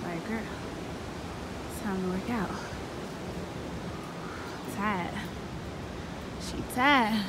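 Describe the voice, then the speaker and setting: A woman vlogging her family vacation in a chatty, relaxed way, talking to the camera and a bit out of breath. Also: mid-range voice, extremely slow, long pauses, heavy background noise. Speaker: travel vlogger. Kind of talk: casual vlog narration.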